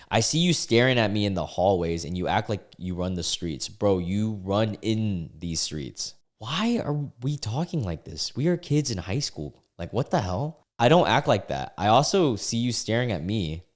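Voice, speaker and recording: A young man casually reading out online posts and reacting with incredulous comments, as a regular video host. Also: lowish voice.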